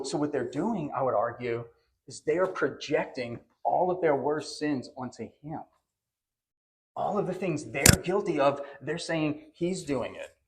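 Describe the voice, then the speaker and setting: In a church sanctuary, a male pastor preaches a sermon in a conversational yet emphatic style, leaning on repeated phrases. His voice is a little high, and there's a slight hiss or hum on the recording.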